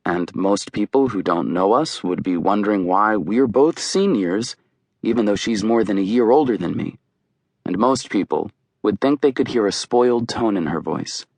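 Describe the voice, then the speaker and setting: A man's voice: lowish voice, lively intonation, normal speed, vocal fry, a little mellow, no room sound. A man narrating an audiobook in a wry, conversational storytelling way. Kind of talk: scripted narration.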